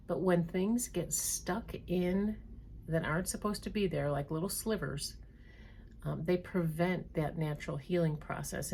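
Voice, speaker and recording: A woman therapist giving a calm, measured educational talk, reading items slowly. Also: low-pitched, vocal fry, slight background noise. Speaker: trauma therapist.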